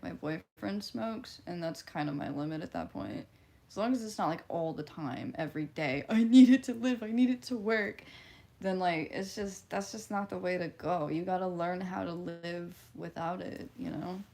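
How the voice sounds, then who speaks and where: A woman's voice: lowish voice, a little mellow. A woman in her twenties, chatting casually on a livestream as she reads and answers chat, laughing often. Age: 20s. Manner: giggly, chatty, reacts to chat messages. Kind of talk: casual live-stream chat.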